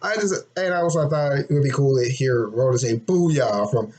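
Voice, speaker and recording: Young male fan, casual rambling monologue, slightly hoarse, mid-pitched. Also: moderate pace, darkish tone, poor audio. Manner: rambling, with many restarts and throat clearing. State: a little hoarse, throat getting sore. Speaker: fan presenting his game concept.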